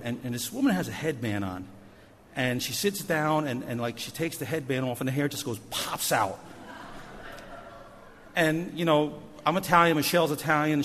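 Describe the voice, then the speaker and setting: A man, a missions pastor, telling a story from a trip as part of a sermon, animated and shifting in loudness. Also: medium pitch, brisk, a little hiss or hum. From New Jersey. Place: church sanctuary. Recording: long church hall reverb.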